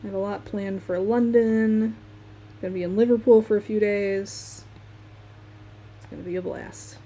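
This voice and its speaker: Young Midwestern woman, mellow voice, relaxed live-stream chat while sketching, faint room hum. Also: medium pitch, normal speed. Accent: Midwestern American. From Michigan, USA. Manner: chatty, laughs often, talks while working.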